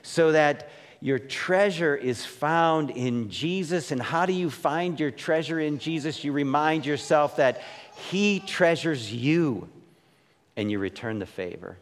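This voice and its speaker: A man's voice: fairly high pitch, expressive, takes it slowly. A man preaching a conversational sermon. He keeps asking his listeners questions and tags his points with "right?". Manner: casual, questioning, frequent "right?" asides. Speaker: pastor. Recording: long hall reverb.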